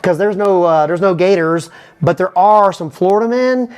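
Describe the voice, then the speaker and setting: A man telling a rambling comic story, animated and full of asides. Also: sits high, smooth. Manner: fast, animated, repeats "you know what I'm saying". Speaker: comedian.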